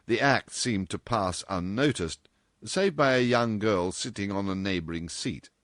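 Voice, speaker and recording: A man narrating a novel with an expressive, strongly varied delivery. His pitch rises and falls widely through each sentence. The sound is close and dry. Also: no room sound. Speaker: audiobook reader. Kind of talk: scripted audiobook narration.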